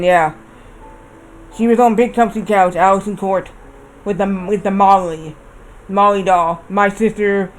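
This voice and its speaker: Man, high voice, casual game-stream chatter, rambling anecdote, faint background noise. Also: rough recording. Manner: rambling storyteller, repeats himself. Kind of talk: casual chat while gaming.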